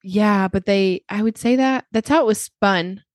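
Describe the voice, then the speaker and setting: A woman chats with a friend on a podcast, loose and giggly, full of "like" and quick restarts. Her voice sits at an ordinary pitch and is recorded close and dry, with no room sound. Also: no room sound. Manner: chatty, laughing, lots of fillers and restarts. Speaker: podcast co-host. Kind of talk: casual chat.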